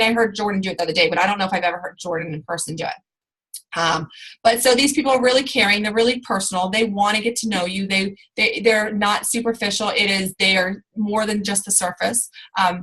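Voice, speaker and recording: A woman's voice: medium pitch, fairly bright tone, rough recording. A woman giving an informal training talk to her sales team, rambling along with lots of fillers and restarts.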